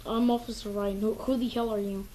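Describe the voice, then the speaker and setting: A woman's voice: a little high, little pitch movement, brisk, mellow, a little hiss or hum, pitched below the performer's own voice, close to an everyday voice, low-quality recording. A woman voicing a bossy, short-tempered male cop bird in a homemade toy skit, talking bluntly with mild swearing and stumbling restarts. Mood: gruff. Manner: blunt, swears mildly, stumbles over words.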